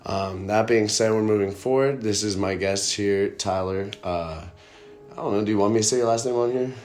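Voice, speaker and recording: A man's voice: fairly low pitch, normal speed, a little mellow, faint music behind. A man hosting a podcast in a loose, profane, rambling casual chat. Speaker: podcast host. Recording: echoey room.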